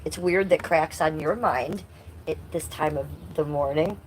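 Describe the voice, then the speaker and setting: A woman's voice: low-pitched, unhurried, a little mellow, a little hiss or hum. A woman in her fifties hosting a casual livestream, reading chat aloud and cursing at rude commenters. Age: 50s. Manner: blunt, swears at rude chatters; sing-song baby talk to her cat. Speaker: livestream host.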